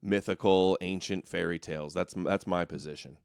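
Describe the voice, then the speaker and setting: A man's voice: sits low, fairly even intonation, normal speed, creaky, darkish tone, clean tone, no echo, studio quality. A man hosting a talk show, speaking bluntly and emphatically in casual conversation. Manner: blunt and emphatic, stacks up labels. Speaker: podcast host.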